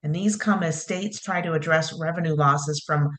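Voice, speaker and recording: Measured, low-voiced woman co-host. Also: fairly bright tone. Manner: measured, agreeable, careful. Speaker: podcast co-host. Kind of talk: casual opinion chat, reading news items.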